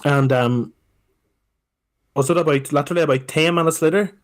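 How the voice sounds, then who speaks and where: A Scottish man tells a travel story on a casual podcast. His delivery is animated and full of restarts, and he swears freely. He keeps coming back to "let me tell you something" to build up to each punchline. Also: on the high side, moderate pace. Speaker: podcast co-host.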